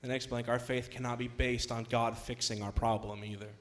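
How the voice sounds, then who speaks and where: A young man preaching to a church congregation as youth pastor. His voice sits at an ordinary middle pitch, and he tells stories casually, full of ums and restarts. At times he swells into loud, emphatic declarations. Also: level tone, brisk. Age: young adult. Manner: conversational, many fillers, rises to loud emphatic passages. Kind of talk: sermon with storytelling.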